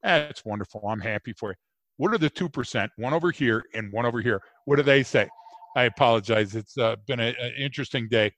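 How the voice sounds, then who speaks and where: A man co-hosting a casual podcast tells rambling, animated stories packed with fillers. He talks fast in a mid-range voice, and the recording is dry.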